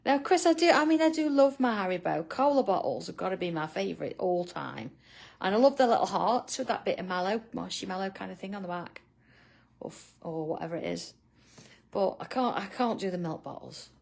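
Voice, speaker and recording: A woman's voice: medium pitch, expressive, a little fast, vocal fry, a little mellow. A middle-aged woman hosting a live drawing tutorial, chatting casually with viewers by name and laughing often. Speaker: art tutorial host.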